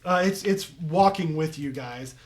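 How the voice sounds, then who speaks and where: A man's voice: fairly high pitch, measured pace. A young man narrating as game master of a tabletop game, rambling with many fillers and restarts.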